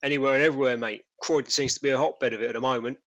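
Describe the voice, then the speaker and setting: A man's voice: mid-range voice, steady tone, racing, a bit bright, no echo, natural voice, poor audio. A man voicing a blunt, cocky older male market stall worker, in a tabletop game. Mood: grumbling. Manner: blunt, cocky, says mate a lot.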